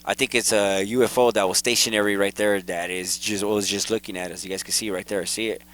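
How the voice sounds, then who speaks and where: A man hosting his own video, casually and excitedly talking viewers through photos and repeating himself as he points things out. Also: lowish voice, a little fast, rough recording. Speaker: video host. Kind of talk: casual commentary over photos.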